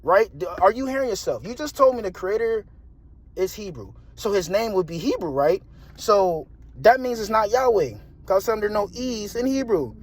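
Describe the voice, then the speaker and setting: A young man telling a story in a casual monologue, animated and slangy, repeating himself and laughing often. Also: high voice, normal speed. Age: young adult. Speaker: vlogger.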